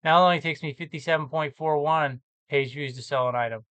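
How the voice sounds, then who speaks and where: A man's voice: fairly high pitch, a little fast, a bit bright, smooth, no room sound. A man vlogging about his reselling business, walking through sales numbers on screen in a casual, think-aloud way with self-corrections. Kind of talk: casual screen-share walkthrough.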